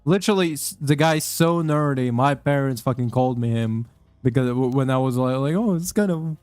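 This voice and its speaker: A young man rambles through his gaming commentary, cursing freely and tripping over restarts and fillers. His voice sits at an ordinary middle pitch and sounds close and dry, with faint game music behind him. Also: steady tone, fairly quick, darkish tone, clear, resonant tone, dry recording. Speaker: gamer commenting while playing.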